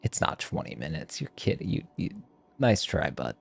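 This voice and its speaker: With a bass voice full of vocal fry and huskiness, this Texan swings wildly in pitch at a moderate pace. He chats casually with livestream viewers as he games, exaggerating a thick Texas drawl and cracking crude jokes.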